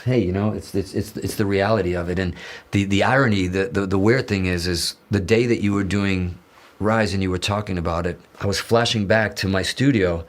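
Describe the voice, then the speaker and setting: Male interview guest, low-pitched, casual storyteller; swears a lot, restarts sentences, voices quoted dialogue. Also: brisk. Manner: animated, profane, restarts often, acts out quoted dialogue.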